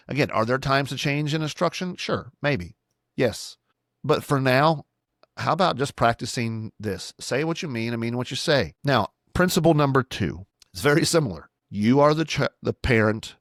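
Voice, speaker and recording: A man's voice: medium pitch, no echo, studio quality. A middle-aged man, a pastor hosting a solo podcast, teaching in an earnest, instructive way and sometimes acting out sample commands to children.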